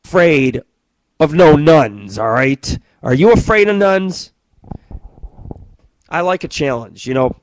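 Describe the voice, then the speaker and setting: A man's voice: a little high, expressive, slow, long pauses, no echo, low-quality recording. A man hosting his own radio show, telling stories and jokes in a profane, rambling, boastful monologue.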